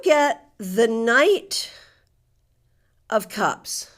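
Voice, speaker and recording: A woman's voice: high voice, expressive, a little slow. A woman with a New England accent, a tarot reader chatting with her live audience and giving card readings in a friendly, teasing way. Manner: chatty, warm teasing with frequent laughter.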